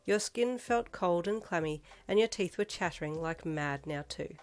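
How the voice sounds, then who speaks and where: Woman, fan fiction reader, second-person narration, steady delivery, lower voice. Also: normal speed.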